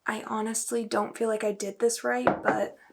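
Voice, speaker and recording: A woman's voice: on the high side, normal speed, gravelly, very noisy. A young woman in her home kitchen, chatting casually and self-deprecatingly as she narrates her baking vlog. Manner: chatty and self-deprecating, bursting into excited squeals. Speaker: vlogger.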